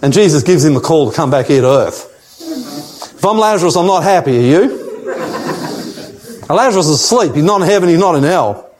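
Older guy preaching a sermon, pretty high voice, keeps repeating lines for emphasis. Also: animated, brisk, pauses often, darkish tone, slight background noise. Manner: emphatic, repeats key phrases. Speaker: pastor.

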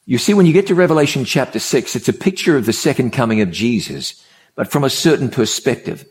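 A man's voice: medium pitch, animated. A man preaching a sermon, opening with a story and speaking in a conversational way, repeating key words for emphasis. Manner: conversational, repetitive emphasis, measured pauses.

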